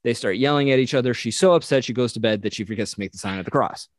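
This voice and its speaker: Racing through an animated retelling, this mid-pitched podcast co-host slips into voices for each quoted character during a casual storytelling chat. His audio is close and dry, with no sense of a room.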